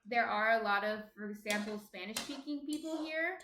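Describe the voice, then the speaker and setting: A woman's voice: a little high, normal speed, a bit bright, slight background noise. A woman with a New Jersey accent, chatting casually on a baking stream and reading viewer comments aloud. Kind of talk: casual chat while baking. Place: home kitchen. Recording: echoey room.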